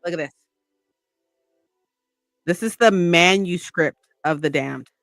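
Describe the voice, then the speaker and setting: A woman's voice: fairly low pitch, takes it slowly, gravelly, fairly bright tone, no room sound. A woman chatting on a livestream, rambling and gushing with lots of "like" and "right?". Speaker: streamer. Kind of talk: casual livestream chat.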